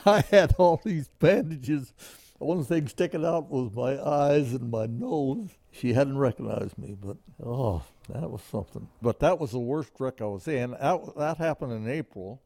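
An older man recounts his flying days in a folksy, vivid manner. His voice is warm and mellow. The sound is dry and close. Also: mid-range voice, lively intonation, a little slow, no room sound. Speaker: veteran pilot. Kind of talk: storytelling interview.

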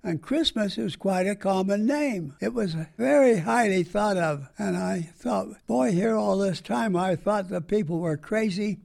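A man's voice: high-pitched, a little slow, creaky, hardly any pauses, darkish tone. An older man and war veteran, telling his memories in a folksy, rambling way for an oral history interview. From United States. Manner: folksy, rambling storytelling with plain-spoken asides.

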